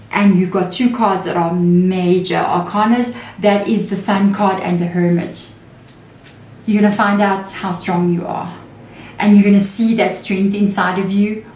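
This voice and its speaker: A woman talks through a tarot reading in a chatty, reassuring way and briefly acts out the people she quotes. Her voice sits in a middle pitch and carries a clear room echo. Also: darkish tone, a little hiss or hum. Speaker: tarot reader. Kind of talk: casual tarot reading monologue.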